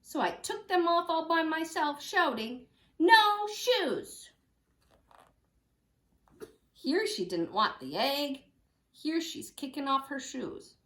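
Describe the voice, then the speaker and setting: Lively woman teacher reading aloud. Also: high voice, unhurried, roomy sound. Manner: lively, animated, chatty asides to children. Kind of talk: reading a picture book aloud. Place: home room.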